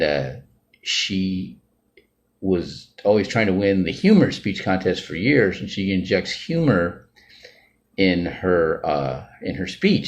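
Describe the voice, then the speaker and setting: A man talking off the cuff in a rambling monologue, often ending sentences with "right?" or "all right?". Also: sits low. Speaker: financial group member sharing views. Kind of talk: casual unscripted monologue.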